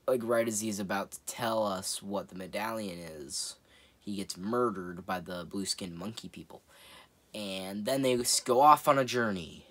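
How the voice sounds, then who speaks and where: A man's voice: on the low side, a bit bright. Man rambling through a movie review. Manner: rambling and amused, laughs often, swears casually.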